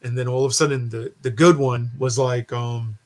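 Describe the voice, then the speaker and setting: Man, middle pitch, chatty storyteller who acts out the dialogue. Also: moderate pace. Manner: animated storytelling, acting out quoted dialogue. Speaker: storyteller in casual chat. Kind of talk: casual chat.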